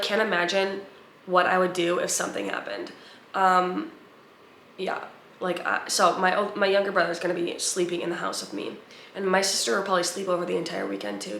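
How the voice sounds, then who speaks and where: A woman's voice: lowish voice, a bit bright, reverberant, a little hiss or hum. A young woman in her twenties, a new mother, chatting casually in a vlog with a stuffy, congested voice and lots of filler words. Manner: rambling, filler-heavy, chatty. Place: at home and in a car.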